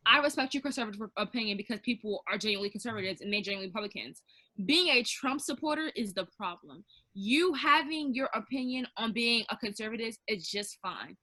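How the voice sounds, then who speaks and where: A woman rants emphatically in a casual group chat. Her voice sits a bit high and bright. She mocks others by quoting them, in a dry, close sound. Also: animated, fast, dry recording, rough recording. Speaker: podcast co-host.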